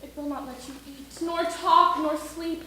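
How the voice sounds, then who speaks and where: A woman's voice: high voice, steady tone, measured pace, bright, forceful tone, slight background noise. Portia, a woman playing a pleading Roman wife. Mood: concerned. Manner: pleading, insistent verse delivery. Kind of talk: amateur stage Shakespeare. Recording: echoey room.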